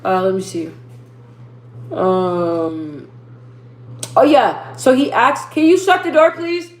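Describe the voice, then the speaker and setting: A young woman hosting a casual livestream, reading viewer comments and rambling in slangy asides. She lifts her speaking voice above her natural lower register. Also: slow pace, echoey room, slight background noise. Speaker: livestream host.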